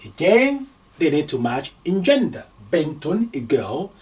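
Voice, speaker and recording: Slow, lively man teaching grammar. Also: fairly high pitch, recorded from a distance. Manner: slow, deliberate, sounding out syllables. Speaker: Arabic teacher. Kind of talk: grammar lesson at a whiteboard.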